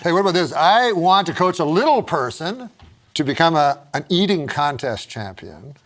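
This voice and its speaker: A man's voice: on the high side, big pitch swings, moderate pace, a bit bright. A man hosting a talk show, bantering with guests and laughing as he hands them jokes to read. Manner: giggly, reads jokes to guests.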